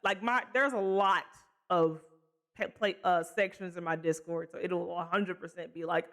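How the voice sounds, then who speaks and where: A woman's voice: on the low side, steady tone, normal speed, a bit bright. Rambling young woman streamer. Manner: rambling, restarts often, laughs a lot. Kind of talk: casual game playthrough chat.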